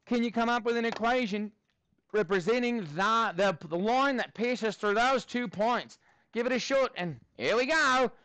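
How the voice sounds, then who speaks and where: A man teaching a math lesson in a classroom, his voice pitched high and recorded close and dry. He is playful and jokey as he works through problems, now and then throwing in mock Australian slang. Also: moderate pace, pushed and bright, clear, resonant tone, dry recording.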